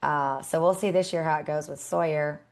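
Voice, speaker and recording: A woman in her thirties co-hosting a podcast in casual chat, animated and acting out scolding her kids. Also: sits low, normal speed. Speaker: podcast co-host.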